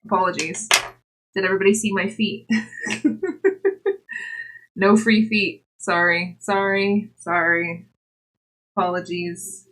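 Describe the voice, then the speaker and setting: Giggly breathy woman streaming. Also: fairly low pitch, fairly even intonation, slow, pauses often, fairly bright tone. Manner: chatty, giggly, talks to her cat and chat. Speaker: livestreamer. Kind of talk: casual chat with live chat while knitting.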